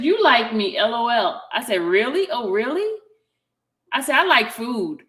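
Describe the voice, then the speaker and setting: A woman's voice: on the high side, lively intonation, moderate pace, fairly bright tone. A woman vlogger chatting casually while reading out text messages aloud, adding her own asides between them. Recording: roomy echo.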